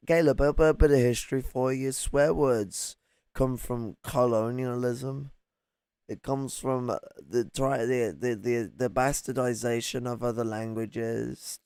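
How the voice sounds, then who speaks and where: A man's voice: mid-range voice, steady tone, unhurried, darkish tone, smooth, no echo. A man reacting to a video in casual commentary, mocking, swearing freely and often laughing.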